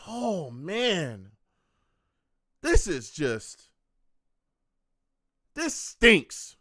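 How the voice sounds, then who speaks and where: Brief: male reaction-stream host, slow, exasperated, swings up and down in pitch, dry close mic. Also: a bit bright, no echo. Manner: exasperated, groaning, reads chat comments aloud. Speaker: live game reaction host. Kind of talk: live sports reaction stream.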